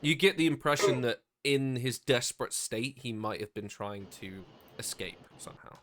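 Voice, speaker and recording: A man's voice: mid-range voice, expressive, moderate pace, a bit bright, a little hiss or hum. A man narrating as dungeon master, hesitant and full of ums, describing the action. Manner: hesitant, many ums, laughs often. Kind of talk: narrating a tabletop game.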